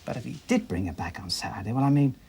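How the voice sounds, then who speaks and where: A man's voice: medium pitch, animated, quick pace, gravelly, a little mellow, breathy edge, exaggerated voice. An actor playing a chatty, flustered man who manages a car hire firm, rambling and chuckling as he talks.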